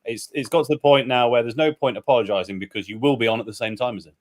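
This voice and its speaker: A man co-hosting a casual livestream, chatting wryly and relaxed over a beer. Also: medium pitch, fast, noisy background. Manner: relaxed, wry, a bit hesitant. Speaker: livestream co-host.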